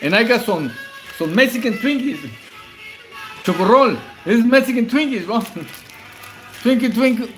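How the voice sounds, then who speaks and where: A man's voice: extremely high pitch, lively intonation, unhurried, pauses often, faint music behind. A man from Southern California, chatting casually and profanely with his livestream viewers while eating at home, calling them bro and homie. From Whittier, Southern California. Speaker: livestream host. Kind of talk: late-night casual livestream chat.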